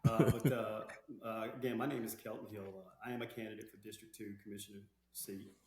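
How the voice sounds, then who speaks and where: A man's voice: fairly low pitch, little pitch movement, brisk. A man in his sixties, a political candidate answering interview questions in an earnest way, with many fillers and restarts. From Douglas County, Georgia. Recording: roomy echo with faint background noise.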